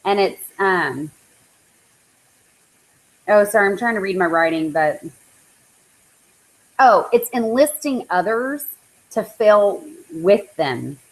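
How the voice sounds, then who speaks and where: A woman's voice: medium pitch, animated, slow, pauses often, rough recording. A woman coaching her team on a live call, chatty and full of likes and ums. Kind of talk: casual motivational talk. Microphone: live online call.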